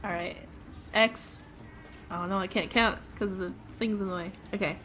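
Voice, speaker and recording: A woman's voice: medium pitch, fairly even intonation, normal speed, bright, forceful tone, a little hiss or hum. A woman patiently talking a friend through a video game, giving step-by-step directions. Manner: patient, instructive, laughs easily. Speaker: co-player guiding the gamer. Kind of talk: casual gameplay guidance.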